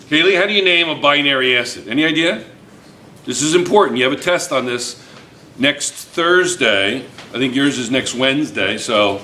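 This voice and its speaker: Male chemistry teacher, bright voice, drills the class with repeated questions; roomy classroom sound. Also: medium pitch, distant mic, a little hiss or hum. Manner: quizzing students, repeating questions. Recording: echoey classroom.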